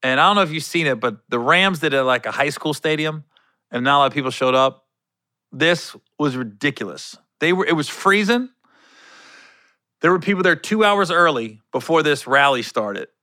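A man tells a long story in casual, animated chat, often stopping to correct himself. His voice is bright and crisp, slightly higher than most men's, and it is recorded close and dry. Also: moderate pace, no room sound.

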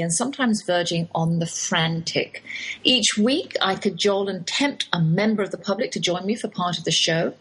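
A woman's voice: medium pitch, a bit bright, slightly rough, rough recording. A woman with an English accent hosting a chatty radio talk show, wry and full of British turns of phrase. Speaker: host. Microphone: studio microphone in a home office.

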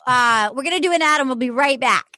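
A woman in her thirties hosting a comedy podcast over a remote call, excitable and profane, jumping into bits. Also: high voice, fast talker. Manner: excitable, profane, jumps into impressions. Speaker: podcast host. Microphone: remote call mic.

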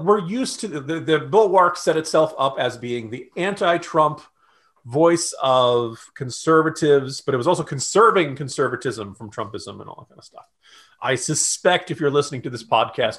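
A man co-hosting a political podcast, talking loosely and mockingly, jumping up in pitch to mimic the views he scoffs at. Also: moderate pace, a bit bright. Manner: sarcastic, mocking quotes in a raised voice; loose and conversational with restarts. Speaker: podcast co-host.

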